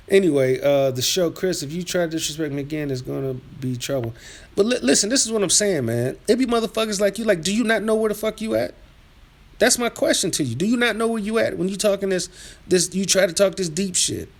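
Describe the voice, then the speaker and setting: A man's voice: fast talker, gravelly. Combative man ranting on a livestream. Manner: combative, trash-talking, rambling; swings from low muttering to loud yelling. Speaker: livestream host reading chat. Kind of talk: casual profane rant on a live stream.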